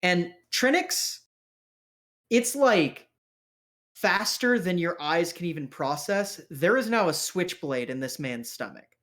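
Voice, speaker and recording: A man's voice: sits high, animated, slow pace, a bit bright. A man narrating a tabletop role-playing game as game master, in a casual, vivid way. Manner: casual, vivid, with fillers and restarts.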